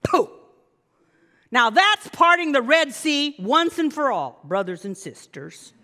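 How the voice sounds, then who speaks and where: Lively, high-voiced woman preaching in a hall. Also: measured pace. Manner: animated, coaxing the congregation to repeat after her. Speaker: minister. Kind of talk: sermon. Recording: long hall reverb.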